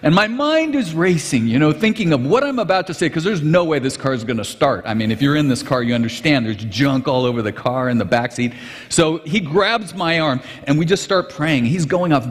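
A man, a pastor, telling a story in a sermon in an animated, conversational way, heard in a large hall with long reverb. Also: on the high side, moderate pace.

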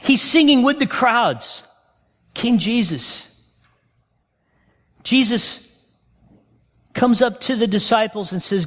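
A man with an unusually high voice delivers a sermon from the pulpit, and the words ring out with the long echo of a big church hall. He preaches as a pastor and tells the story in a lively way, calling the congregation friends. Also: takes it slowly, pauses often. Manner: animated storytelling, addresses listeners as friends. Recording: long reverb of a large hall.

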